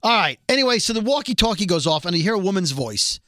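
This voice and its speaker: A man's voice: high voice, fast talker, background noise. A man co-hosting a podcast, chatting casually and rambling as he recaps a TV episode. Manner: rambling, animated, self-deprecating nerd talk. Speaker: podcast co-host.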